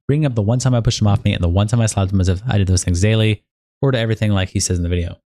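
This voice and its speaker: A man's voice: lowish voice, racing, dark tone, no room sound, clean studio sound. A young man livestreaming, reading a long document aloud in a casual, profane, sleepy way with bursts of hype. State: sleepy, yawning. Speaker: streamer.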